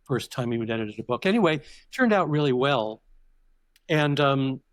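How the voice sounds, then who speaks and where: Speaking as a podcast guest, this older man reflects and wanders while telling stories in an interview, frequently starting his sentences over. His mid-range voice is animated and moves at a normal speed. The recording is dry.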